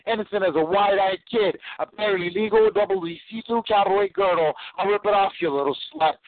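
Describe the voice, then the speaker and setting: A man with a high-pitched voice rattles off profane performance poetry in a rapid, restless flow. The sound is dry and narrow like a phone call. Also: dry recording. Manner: rapid, profane spoken-word delivery. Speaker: poet. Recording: tinny phone line.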